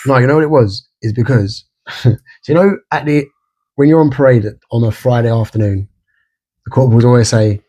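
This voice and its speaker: A man's voice: mid-range voice, fairly even intonation, fairly quick, warm tone. A man hosting a podcast, asking questions and telling stories in a frank, casual way, with free swearing. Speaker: podcast host.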